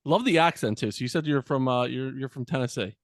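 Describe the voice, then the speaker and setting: A man from New Jersey hosts a casual podcast interview with an upbeat, chummy and talkative manner. His voice sits at a middling pitch and sounds dry and close, with little room sound. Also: fast talker, dry recording. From Central New Jersey. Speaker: podcast host.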